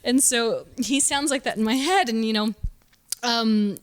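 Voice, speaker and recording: A woman's voice: on the high side, a little slow. A woman co-hosting a podcast in casual chat, rambling with fillers and laughing easily. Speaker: podcast co-host.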